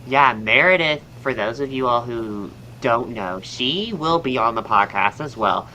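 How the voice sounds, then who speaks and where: A young man with a soft Southern American drawl talks like a podcast host, rambling cheerfully. His voice is bright and forward. Faint background noise sits under the recording. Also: medium pitch, expressive, unhurried, poor audio. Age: young adult. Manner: chatty, upbeat, rambling with fillers. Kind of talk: casual chat.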